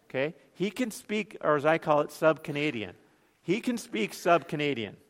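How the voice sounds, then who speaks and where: Brief: Minnesotan-accented male pastor, fairly high voice, chatty sermon, long church reverb. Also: very animated, moderate pace. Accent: Northern Minnesotan. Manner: conversational, rhetorical questions, joking asides.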